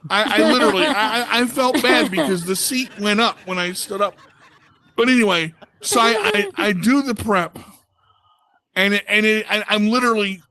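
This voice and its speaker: Bright, high-pitched man doing stand-up. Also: no echo, rough recording. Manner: animated storyteller who acts out other people's voices. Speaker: stand-up comedian. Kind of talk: stand-up comedy routine. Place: comedy club stage.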